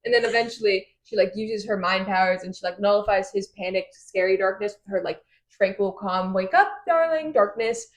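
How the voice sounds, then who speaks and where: A woman's voice: mid-range voice, little pitch movement, a little fast. A woman co-hosting a casual book podcast, summarizing chapters in a loose, swearing, storytelling way. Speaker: podcast co-host. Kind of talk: casual book-club chat.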